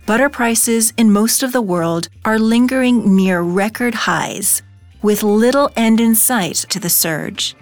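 A woman's voice: a little high, no echo. Woman reading a news story over faint music. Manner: even, measured read-out. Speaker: news reader. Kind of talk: read news article.

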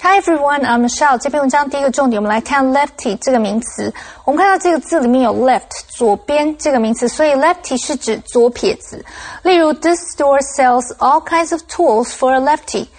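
A woman teaching vocabulary in a quick scripted explanation, reading example sentences briskly and clearly. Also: high voice. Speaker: language lab teacher.

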